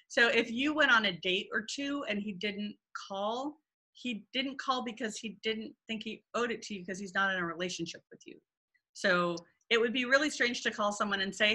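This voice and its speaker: A woman dating coach giving advice in a casual talk, lively and acting out what others might say. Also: fairly high pitch, normal speed. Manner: animated, acts out quoted voices.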